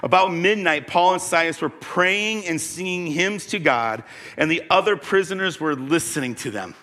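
Male preacher, bright, slightly high voice, lively storytelling sermon, long hall echo. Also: normal speed. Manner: animated storytelling, building to loud peaks.

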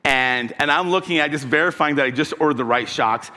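A man's voice: a little high, a little fast, pushed and bright. Man preaching a story-filled sermon in a reverberant hall. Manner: conversational preaching with personal stories, asks the congregation questions. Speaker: pastor.

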